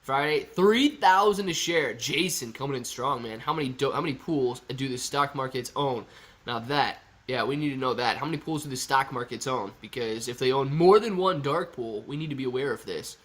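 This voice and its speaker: A livestream host chats casually and reads viewer comments aloud, joking as he goes, his voice stuffy and congested from a cold. He speaks at normal speed with a medium pitch and a fairly bright tone.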